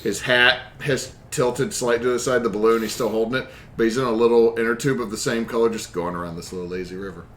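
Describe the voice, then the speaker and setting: A man's voice: medium pitch, fairly even intonation, fast, few pauses, fairly bright tone. A man narrating as game master of a tabletop game in a casual, descriptive storytelling way. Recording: echoey room with faint noise.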